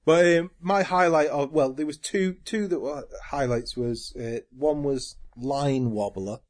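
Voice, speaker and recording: A man's voice: mid-range voice, a little slow. Earnest man explaining a game. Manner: earnest, explains at length with fillers. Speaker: podcast co-host. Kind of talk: casual chat.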